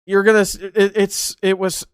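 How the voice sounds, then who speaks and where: Animated young man recounting boot camp. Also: sits high, moderate pace, smooth, dry recording, studio quality. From United States. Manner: animated, laughs often, acts out yelling drill instructors. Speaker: podcast host. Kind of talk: casual solo storytelling.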